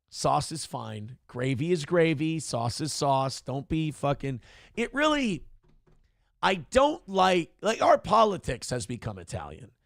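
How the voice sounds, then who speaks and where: Male stream host, gravelly, higher-pitched, brash and crude, reacting to chat. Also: no room sound, clean studio sound. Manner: brash, profane, mocking. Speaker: morning show host reading chat. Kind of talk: casual, crude livestream talk.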